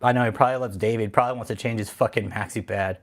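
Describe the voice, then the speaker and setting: A man's voice: lowish voice, steady tone, rapid-fire. A man hosting a livestream, talking casually and then ranting heatedly with heavy swearing and repeated phrases. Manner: heated, profane, repeats himself. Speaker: channel host. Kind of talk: angry livestream rant.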